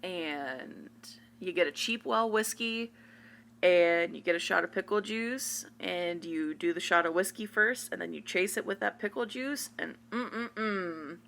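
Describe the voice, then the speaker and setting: Low-voiced woman swearing casually. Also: a little slow, creaky, fairly bright tone, slight background noise. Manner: frank, swears freely, storytelling. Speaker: podcast co-host. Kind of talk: casual chat.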